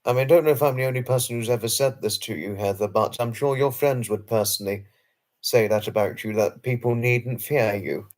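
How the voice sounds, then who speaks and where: A man's voice: medium pitch, brisk, darkish tone. Earnest man hosting a live chat stream. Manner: effusive, formal phrasing, repeats himself; apologetic and earnest. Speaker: livestream host. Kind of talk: late-night live stream, answering viewer chat.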